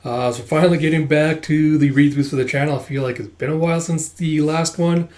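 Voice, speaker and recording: A man's voice: a little high, fairly quick. A man hosting a channel, casually chatting with lots of fillers as he starts a manga readthrough. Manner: relaxed, filler-heavy chatter. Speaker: host.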